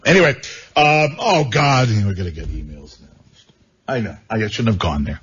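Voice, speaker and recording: A man's voice: lowish voice, expressive, normal speed, fairly bright tone, breathy edge. A man hosting a talk radio show, joking and rambling with frequent stammered repeats. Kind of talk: casual talk radio banter. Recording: dull lo-fi radio sound.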